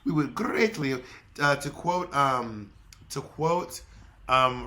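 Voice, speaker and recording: A man co-hosting a casual chat show, animated and joking, often tripping over his words. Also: mid-range voice, takes it slowly. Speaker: podcast co-host.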